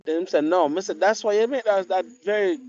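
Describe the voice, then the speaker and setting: Man, podcast host, high voice, profane and blunt, dry dull recording. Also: fast talker, darkish tone, no room sound. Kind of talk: casual podcast chat. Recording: dull lo-fi mic.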